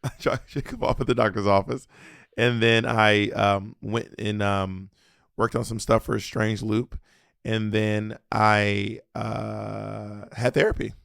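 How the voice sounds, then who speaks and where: Chatty gravelly-voiced man. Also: on the low side, slow, no room sound, studio quality. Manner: chatty, theatrical, repeats words when excited. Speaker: podcast co-host. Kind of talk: casual chat.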